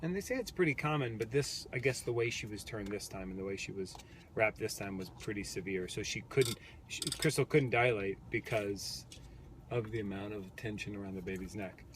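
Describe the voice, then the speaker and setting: Sitting in a parked car, a new father co-hosting a casual vlog tells the story of his baby's birth, earnest and reflective, with many restarts. His voice is on the low side and brisk, with slight background noise.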